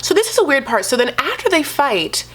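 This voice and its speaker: A woman's voice: sits high, sing-song, a little fast, a bit bright. A woman recapping reality television in a sassy, gossipy, casual commentary style. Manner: sassy, gossipy, says "honey" and "like" constantly.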